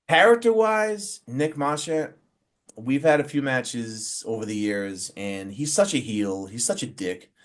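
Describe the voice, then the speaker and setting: A forty-year-old man chatting as an interview guest, pitched in the middle for a man. He tells stories with lots of "um" and "you know," jumping into quoted lines with animated energy. The delivery is casual and earnest. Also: slow pace. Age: 40s. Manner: animated storyteller who acts out quotes, many fillers. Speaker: pro wrestler and referee guest.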